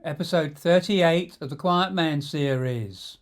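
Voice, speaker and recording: A middle-aged man telling stories from his own life in an unhurried, conversational way. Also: on the high side. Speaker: storyteller and coach. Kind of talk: memoir storytelling.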